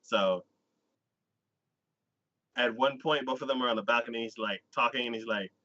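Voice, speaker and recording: A man's voice: medium pitch, moderate pace, sharp tone, muffled recording. A man hosting a casual chat, retelling a story in a rambling way with lots of fillers and little acted-out quotes. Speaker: podcast host. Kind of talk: casual anime recap chat.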